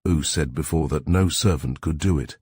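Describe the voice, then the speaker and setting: A man's voice: extremely low pitch, normal speed, darkish tone, husky, dry recording, studio quality. A man reading the part of an irascible old general who snaps and barks his words. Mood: gruff. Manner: snappish, barking.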